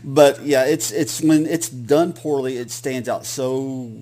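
A man's voice: mid-range voice, fairly even intonation, slow, mellow. Man, Southern US accent, podcast co-host, rambling casual talk. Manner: rambling, many restarts and fillers. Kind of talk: casual chat.

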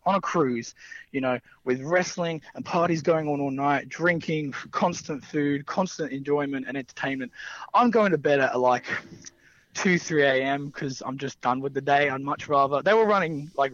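A man's voice: a little high, fairly bright tone, no echo. Rambling young man, dull dry sound. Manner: rambling, laughs often, many fillers. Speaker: wrestler guest. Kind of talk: casual anecdotal storytelling.

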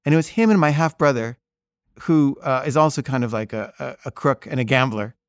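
A man recounts a family story in a loose, rambling way, leaning on fillers as he goes. His voice sits at an ordinary middle pitch. The recording is dry and close, with no room sound. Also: brisk, clean tone, no room sound. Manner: rambling, filler-heavy, wry. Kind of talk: casual personal storytelling.

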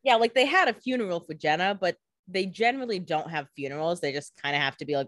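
A woman with a fairly low voice and animated, swooping intonation chats as a podcast co-host. She speculates freely and laughs easily. The recording is dry and close to the mic. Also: no room sound. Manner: chatty, speculative, quick to laugh. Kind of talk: casual chat.

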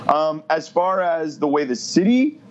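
A man's voice: fairly high pitch, lively intonation, unhurried, lo-fi sound, a little hiss or hum. A man who hosts a sports radio show, talking basketball on a podcast in a blunt, matter-of-fact way. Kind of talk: casual sports talk.

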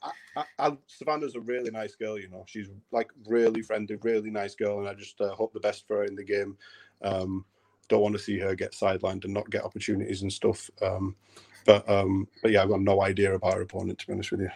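A low-voiced man in his late thirties co-hosting a boxing podcast. He talks casually and halts often, with ums and repeated words as he gathers his thoughts. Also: little pitch movement, quick pace, vocal fry, a little mellow. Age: 30s. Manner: hesitant, many ums and restarts. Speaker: podcast co-host. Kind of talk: casual chat.

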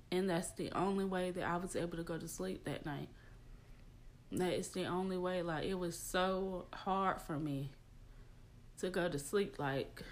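A young adult woman hosting a personal podcast, talking in a confiding, emotional way with many fillers. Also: fairly low pitch. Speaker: podcast host. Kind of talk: casual personal podcast talk.

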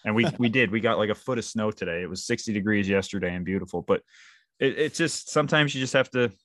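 An easygoing man of about thirty chats casually and goes along agreeably with what is said. His voice sits fairly low, and the sound is dry and close. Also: fast, a bit bright, no echo. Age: 30s. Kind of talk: casual chat.

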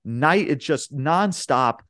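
Male podcast co-host, hyped rambling recapper, swears a lot, slightly high voice. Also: slow pace, no room sound, clean studio sound. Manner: excitable, swears often, says "bro" and "man"; rambling play-by-play retelling. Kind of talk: casual chat.

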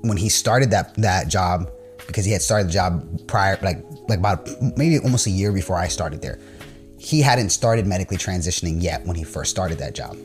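A man's voice: sits low, expressive, moderate pace, soft background music. A man telling a personal story in casual chat, rambling with lots of filler words and blunt, profane talk.

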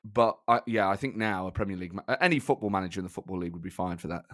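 A man's voice: deep voice, rapid-fire, no echo, clean studio sound. A man from Nottingham chatting casually on a podcast, telling stories with lots of laughter. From Nottingham, England. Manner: animated storyteller, laughs often. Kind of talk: casual chat.

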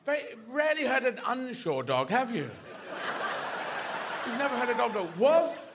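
A male comedian telling a rambling story in a notably high voice, winding through it in a playful, meandering way. Clear crowd noise from a live show runs underneath. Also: big pitch swings, moderate pace. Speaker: stand-up comedian. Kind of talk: stand-up comedy.

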